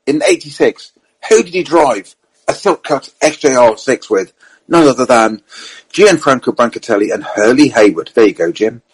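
A middle-aged man, a racing driver and co-host, telling lively anecdotes in casual chat and quoting others as he goes. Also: mid-range voice, moderate pace, husky, rough recording. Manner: lively storyteller, quotes others, self-corrects.

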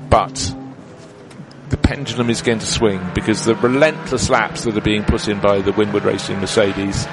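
Male motorsport commentator, gravelly mid-pitch voice, chatty and analytical, racing cars loud behind. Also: fairly even intonation, normal speed, background noise. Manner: chatty, explanatory, detailed race analysis. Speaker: race commentator.

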